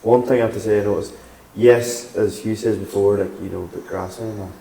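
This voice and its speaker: A man's voice: fairly low pitch, fairly even intonation, a little fast, vocal fry, dark tone. A man co-hosting a podcast in casual chat, hesitant and using fillers. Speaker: podcast co-host. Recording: echoey room with faint noise.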